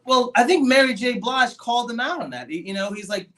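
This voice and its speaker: A man co-hosting a casual movie discussion podcast, animated and acting out quoted voices as he talks. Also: very high voice, brisk. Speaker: podcast co-host.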